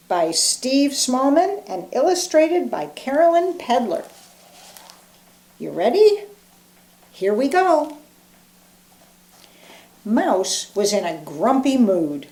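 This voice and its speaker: An older woman, a grandmother, reading a picture book aloud in a gentle, expressive way. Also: a little high, echoey room. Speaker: grandmother storyteller.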